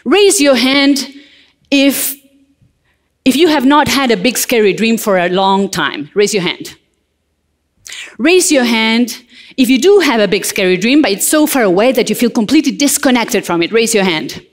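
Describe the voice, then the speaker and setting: A woman from Argentina, giving a lively motivational talk on stage and addressing the audience directly. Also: a little high, moderate pace. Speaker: motivational speaker. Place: large hall on stage.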